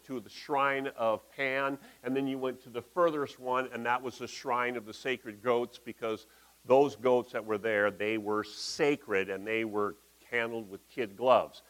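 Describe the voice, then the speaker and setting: A man's voice: medium pitch, steady tone, normal speed, fairly bright tone, low-quality recording. A man giving a conversational, folksy sermon in a church, talking through slides with asides. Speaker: pastor.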